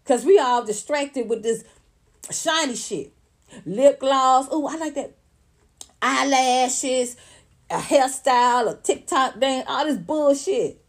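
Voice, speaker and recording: A woman's voice: high-pitched, slow pace. A woman commentator on a livestream, ranting in a blunt, profane, emphatic way and talking straight to her viewers and chat. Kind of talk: unscripted livestream rant.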